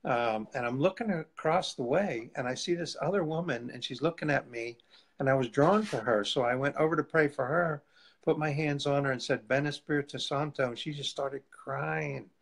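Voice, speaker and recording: Man telling lively mission stories. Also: mid-range voice, normal speed, gravelly, husky, low-quality recording. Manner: lively storyteller, laughs often, acts out quotes. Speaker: guest missionary evangelist. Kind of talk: casual testimony storytelling.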